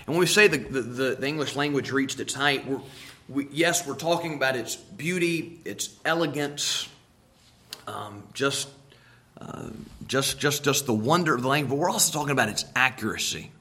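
A man's voice: medium pitch, moderate pace, bright, forceful tone. A man preaching a sermon, emphatic, repeating key words and asking rhetorical questions.

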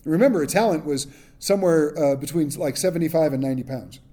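Man, sermon, conversational bible teaching, mellow, slightly higher voice, casual joking asides. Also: fast. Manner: reads scripture then adds casual, joking asides. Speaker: pastor.

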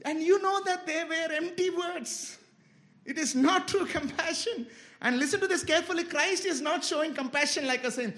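In a sermon at normal speed, a man preaches passionately, rising to loud, high exclamations and dropping to low, quiet asides. He frequently asks listeners to listen carefully.

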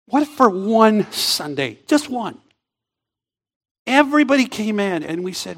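A man with a high-pitched voice preaches a sermon in a church. He swings from loud, emphatic lines to near-whispers. He slows right down and stretches words out to drive a point home. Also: very animated. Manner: dramatic swings from loud to hushed, drawn-out phrases. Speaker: pastor.

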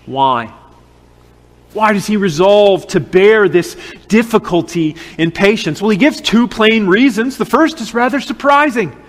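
A man preaching an expository sermon in an earnest, measured way, posing rhetorical questions. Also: high voice, animated. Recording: long hall reverb.

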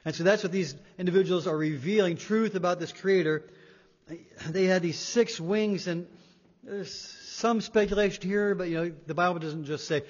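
Emphatic male preacher in a hall. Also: sits high. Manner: emphatic, rising and falling in loudness, repeats words for weight. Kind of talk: sermon. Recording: dull sound in a reverberant hall.

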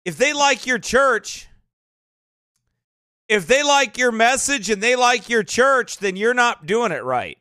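High, lively, emphatic male pastor. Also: slow, clear, resonant tone, no echo, clean studio sound. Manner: emphatic, repeats tag questions. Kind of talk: sermon-style commentary.

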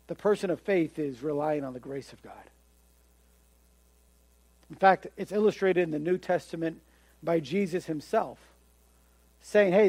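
In a close, dry recording with no room or echo, a male pastor delivers his sermon with a high, lifted voice. He grows animated, takes on the voices of the people he quotes, and trips over repeated words as his momentum builds.

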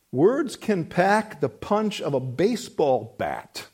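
A man preaching a sermon emphatically, swinging between loud, punchy words and hushed, drawn-out ones. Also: fairly high pitch, sing-song, slightly rough.

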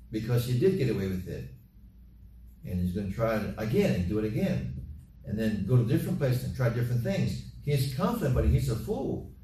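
Male preacher, mellow dark tone, repetitive emphatic delivery, picked up off mic in an echoey room. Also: on the low side, distant mic, slight background noise. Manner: repetitive, emphatic exhortation with acted-out party chatter. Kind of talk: sermon. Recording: roomy echo from off mic with faint ambience.

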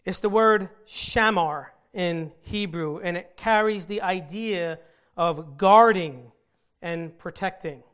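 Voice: medium pitch, slow pace, fairly bright tone, clean tone. A Bible teacher giving an earnest scripture teaching, stopping to explain the meaning of original-language words.

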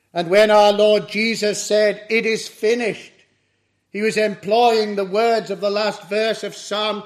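A man preaching an expository sermon in a measured, solemn way. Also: high-pitched. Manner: slow, measured, solemn doctrinal delivery.

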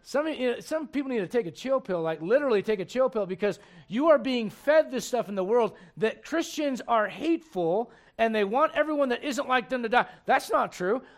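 High-voiced emphatic preacher man. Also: lively intonation, brisk, few pauses. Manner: emphatic, conversational preaching with rhetorical questions. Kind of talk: sermon.

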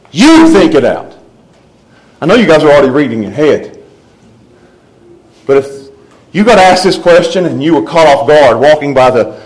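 A man's voice: a little high, rough recording. A man preaching a sermon, emphatic, with rising and falling delivery. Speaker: pastor.

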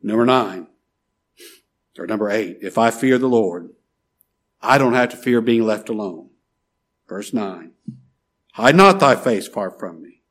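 A middle-aged man preaching a sermon, pleading and emphatic, swinging from loud rises to soft drops. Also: lowish voice, lively intonation, measured pace, long pauses. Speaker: pastor.

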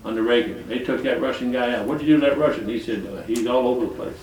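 This older preacher from Detroit has a medium-pitched, darkish voice and talks quickly, filling his folksy, colloquial sermon with chuckles and meandering stories. The recording comes from far off in an echoey hall, with slight background noise.

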